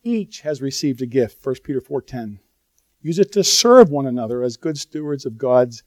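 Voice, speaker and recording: Speaking at a moderate pace, a man preaches in an expressive, slightly mellow mid-range voice without any room sound. The sermon feels earnest and chatty, aimed directly at the audience, punctuated by asides and sudden emphatic outbursts.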